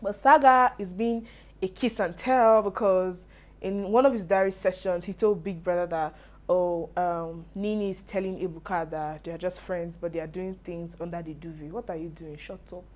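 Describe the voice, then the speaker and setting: Nigerian woman ranting about a reality show, lowish voice, lively and chatty. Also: moderate pace. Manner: chatty, animated, sprinkles in Pidgin asides. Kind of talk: casual commentary vlog.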